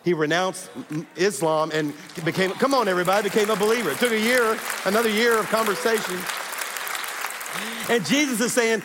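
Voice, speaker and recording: A middle-aged male pastor with a high voice preaches an animated sermon, urging his congregation on. His voice rings with a long reverb through a large church hall. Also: brisk, a crowd in the background, noisy background.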